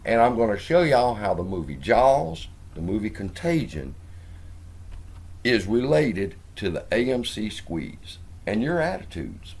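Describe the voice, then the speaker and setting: A man's voice: on the low side, very animated, measured pace, a little mellow, husky. A man hosting a finance video, telling stories animatedly, acting out the quotes and swearing. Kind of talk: casual commentary.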